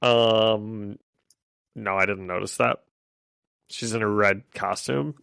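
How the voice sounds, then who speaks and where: Podcast co-host, man, excitable and laughing, gravelly tone on a dry mic. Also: fairly low pitch, slow, no room sound. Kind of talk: casual chat.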